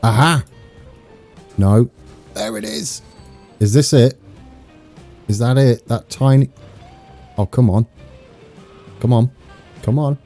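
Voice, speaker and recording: A British man giving excitable, chatty live gameplay commentary, talking to his viewers as he plays. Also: mid-range voice. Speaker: game streamer.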